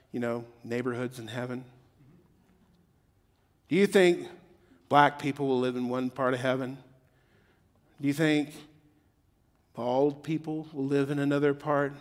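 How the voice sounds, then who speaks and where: A man's voice: medium pitch, long reverb tail. A middle-aged man preaching a sermon in a joking, conversational way that builds to emphatic peaks. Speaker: pastor.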